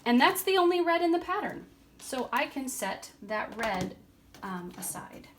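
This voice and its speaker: Woman craft vlogger, relaxed and chatty, a bit tired; voice on the high side, light background noise. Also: unhurried. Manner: chatty and relaxed, with frequent ums. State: tired and yawning. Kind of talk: casual tutorial talk. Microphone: camera on a tripod.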